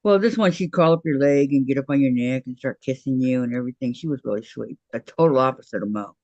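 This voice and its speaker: A man's voice: mid-range voice, fast talker, darkish tone, no room sound, dull audio. A man co-hosting a crafting livestream, making easygoing offhand remarks in casual chat.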